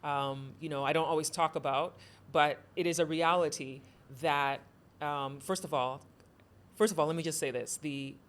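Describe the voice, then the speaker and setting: A woman born in Ghana hosting an interview, talking in an animated, storytelling way. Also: low voice, normal speed. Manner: animated, storytelling, rising emphasis. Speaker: host. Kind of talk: casual interview chat.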